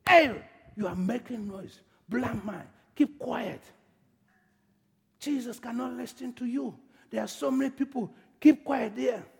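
A man's voice: very high-pitched, unhurried, gravelly, husky, in a large hall, pitched above the performer's own voice, full character voice. A preacher voicing an impatient man in a crowd, scolding and dismissive.

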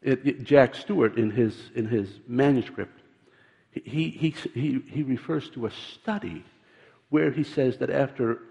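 An older man preaching a sermon, earnest and halting, often repeating words as he tells stories. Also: mid-range voice, gravelly, darkish tone. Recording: dull sound in a large reverberant hall.

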